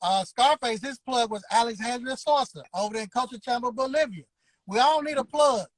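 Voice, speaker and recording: A man's voice: extremely high pitch, dry recording, rough recording. Emphatic man in his fifties. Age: 50s. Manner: emphatic, preacher-like, drawn-out words. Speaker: interview guest, barber school owner. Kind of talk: motivational storytelling.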